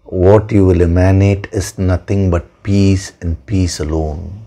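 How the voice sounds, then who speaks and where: A man giving a spiritual discourse as a teacher, in a measured, emphatic way, repeating words for stress. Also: low voice, steady tone, mellow. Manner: slow, measured, emphatic with repetitions.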